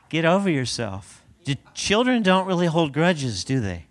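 A man with a somewhat high voice leads a church service as pastor. He preaches in a loose, conversational way, full of rhetorical questions and easy laughter. He sounds like he is talking with his congregation rather than lecturing them. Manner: chatty, laughs often, asks rhetorical questions. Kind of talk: conversational sermon.

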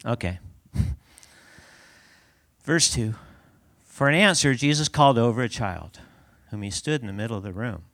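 A man's voice: mid-range voice, normal speed, pauses often, fairly bright tone. A man giving a conversational sermon as a pastor in a church, laughing often and asking the congregation rhetorical questions.

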